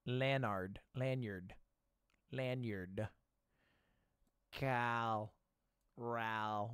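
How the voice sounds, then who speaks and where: Young streamer guy muttering word guesses and swearing, lively pitch, dead dry room. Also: slow pace, long pauses, clear, resonant tone, no echo. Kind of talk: casual gaming commentary.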